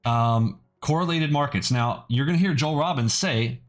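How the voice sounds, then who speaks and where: A man's voice: medium pitch, normal speed. A man hosting a trading channel in a casual, blunt and skeptical way, often adding "okay" as he talks. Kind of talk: casual video commentary.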